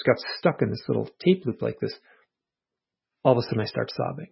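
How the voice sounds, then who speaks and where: Husky, gravelly man telling a story. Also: mid-range voice, a little fast. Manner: earnest, reflective, animated retelling with quoted inner thoughts. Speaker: author and interview guest. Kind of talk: casual conversational storytelling. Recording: muffled lo-fi audio.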